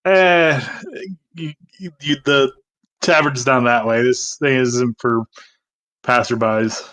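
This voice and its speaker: A man's voice: medium pitch, steady tone, slow, fairly bright tone, poor audio. A man voicing a curt, dismissive male halfling doorman in a tabletop game. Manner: curt, brushing people off.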